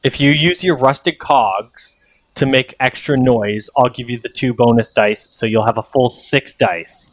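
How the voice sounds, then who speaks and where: A man runs a tabletop game at a slow, unhurried pace, hesitating and restarting his sentences. His voice sits close and dry, with no room around it. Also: medium pitch, dry recording. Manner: hesitant, full of fillers and restarts. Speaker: game master.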